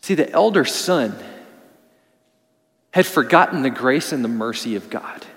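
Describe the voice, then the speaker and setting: A man preaching a sermon as pastor, pressing his points hard and then dropping low and soft for emphasis. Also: lively intonation, unhurried, in a large hall. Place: church sanctuary.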